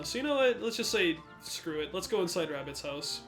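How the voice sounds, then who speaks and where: A man's voice: sits high, sing-song, a little fast, few pauses, a bit bright, soft background music. A young man doing let's play commentary, sarcastic and joking. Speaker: gameplay commentator.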